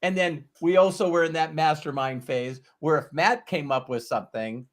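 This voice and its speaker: A man's voice: a little high, normal speed. A middle-aged man hosting a podcast, telling a story in casual conversation and acting out the voices of the people in it. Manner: animated storyteller who acts out quoted voices and swears casually. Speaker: podcast host.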